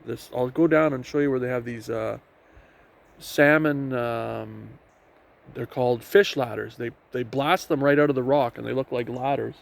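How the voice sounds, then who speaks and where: A man's voice: mid-range voice, steady tone, moderate pace, creaky. A man casually narrating a walk along a forest trail by a river, rambling with fillers and restarts. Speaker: vlogger. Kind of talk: casual walking tour narration. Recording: noisy outdoor sound with wind and river.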